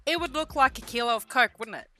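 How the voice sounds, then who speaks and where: A young woman vlogger telling a story casually, animated and self-mocking, swearing now and then. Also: high voice, quick pace, soft background music. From Australia.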